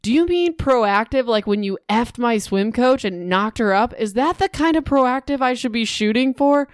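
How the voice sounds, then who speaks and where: An upset young woman hurls a sharp, accusing question at her father, voiced by a woman reading a book aloud. Her voice is smooth and clear. The sound is dry and close. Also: fairly high pitch, animated, moderate pace, dry recording, pitched above the performer's own voice, close to an everyday voice.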